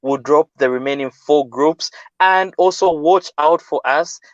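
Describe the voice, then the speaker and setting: Man, relaxed and slightly weary co-host, dull, dry lo-fi video-call audio. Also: fairly high pitch, a little slow, no echo. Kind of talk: casual football prediction chat. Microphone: video call from another room.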